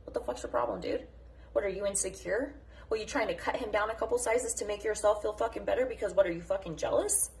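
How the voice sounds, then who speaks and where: A mom vlogger with a medium-pitched, darkish voice delivers a fast, passionate, unscripted morning rant. She's blunt and combative, swears a lot, and jumps from topic to topic.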